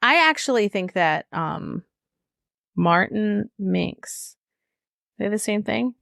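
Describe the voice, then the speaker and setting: A woman's voice: medium pitch, expressive, slow, vocal fry, a bit bright, dry recording, clean studio sound. A woman co-hosting a podcast in casual chat, rambling into tangents and laughing often. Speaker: podcast co-host.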